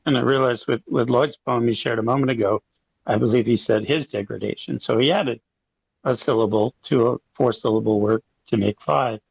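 Man, husky voice, mid pitch, relaxed explainer. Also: fairly quick, no echo, lo-fi sound. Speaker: haiku group member. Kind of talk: casual group chat.

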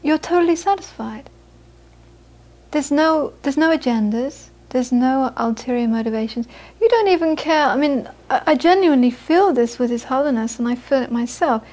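A woman's voice: sits high, animated, moderate pace, darkish tone. A middle-aged woman giving an informal Buddhist talk, telling stories with many restarts and repeated words. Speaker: Buddhist teacher. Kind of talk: informal dharma talk with anecdotes.

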